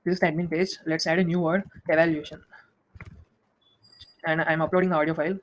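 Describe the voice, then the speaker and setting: Fast, flat young man demoing an app. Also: fairly high pitch, low-quality recording. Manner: fast, flat, with frequent restarts and fillers. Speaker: student presenting a project demo. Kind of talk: software demo walkthrough.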